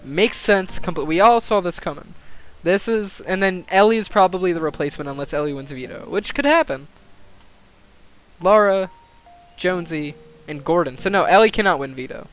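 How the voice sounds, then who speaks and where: A young man commentating a game simulation on a live stream, excitable, swearing and thinking aloud. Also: high voice, normal speed, faint music behind.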